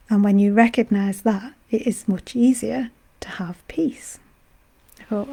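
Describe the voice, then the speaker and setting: A gentle, whispery woman from Britain guides a live meditation stream while unwell, her voice thin and going. Her tone is dark and mellow, and she rambles kindly with plenty of fillers. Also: mid-range voice, steady tone, unhurried, gravelly, slightly rough. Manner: soft-spoken, gentle and rambling, with frequent fillers. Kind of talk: casual spiritual talk on a live stream.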